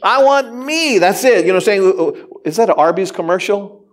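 A man preaching a sermon as pastor, animated and humorous, addressing the congregation directly. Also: high voice, fairly quick. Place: church sanctuary.

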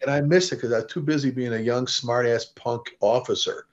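A middle-aged man tells stories as a guest in an interview, acting out the people he quotes and often starting his sentences over. He sits at an average pitch for a man. The recording is dull and lo-fi. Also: a little fast. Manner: animated storyteller, acts out quoted dialogue, frequent restarts. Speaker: fire service leader and author, interview guest. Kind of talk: conversational storytelling.

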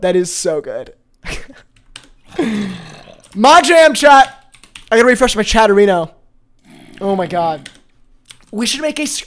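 A man streaming a game live, chatting with viewers, excitable and quick to laugh. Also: high-pitched. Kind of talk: live gaming stream chat.

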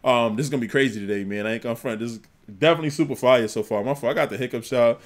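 A young man hosting a music reaction channel, excitable and slangy, rambling with lots of fillers. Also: mid-range voice, racing. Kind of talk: casual reaction commentary.

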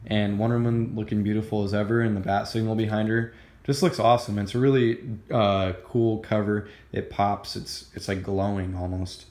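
A man's voice: on the low side, normal speed, roomy sound. A man casually reviewing a comic book, rambling and gushing with many fillers and restarts. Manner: excited, gushing.

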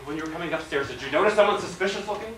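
A woman's voice: lowish voice, animated, very fast, close to an everyday voice. A woman playing a blustering, exasperated husband. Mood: incredulous. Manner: blustering, incredulous, yelling outbursts. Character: exasperated middle-aged husband, loud and blustering. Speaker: acting student. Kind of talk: stage scene in acting class. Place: classroom stage. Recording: roomy and distant, faint noise.

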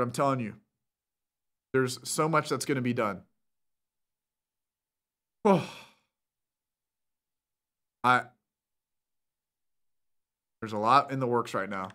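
A man hosting a scam-baiting stream, taunting callers and getting fired up, with loud shouted bursts. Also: mid-range voice, a little slow, long pauses. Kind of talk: casual streamer talk.

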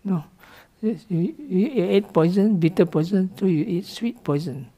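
The monk's voice is high-pitched and dark in tone, expressive yet unhurried. He gives his students a dharma talk in casual, non-native English, playfully checking in with "no?" and laughing lightly along the way.

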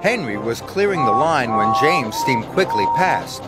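A man reading scripted storybook narration for a children's cartoon, slow and expressive. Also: mid-range voice, over loud music.

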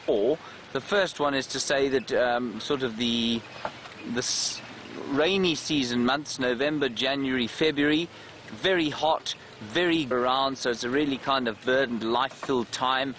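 A man's voice: medium pitch, unhurried, fairly bright tone, slight background noise. A man hosting a live safari game drive, chatting and answering viewer questions as he drives outdoors with a clip-on mic. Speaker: safari guide and live show host. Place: open safari vehicle outdoors. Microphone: clip-on mic, sometimes slipping.

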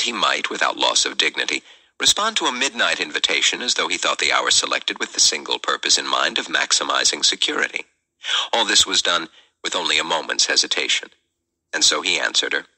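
A man narrates a novel chapter aloud in a very deep voice. His tone is bright and forward, and his intonation swings widely as he tells the story with measured care. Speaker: podcast host reading a novel.

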